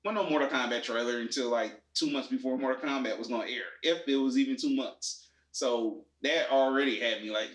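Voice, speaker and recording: A man in casual chat about movies and shows, explaining his views in a relaxed way with many fillers. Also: medium pitch, a little fast, few pauses. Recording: echoey room.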